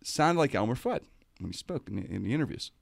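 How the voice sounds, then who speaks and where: A man spins a story in loose talk-show chat, his pitch leaping all over the place. His voice carries a gravelly edge, and the sound is close and dry. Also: quick pace, dry recording. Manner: animated, does comic voices mid-story.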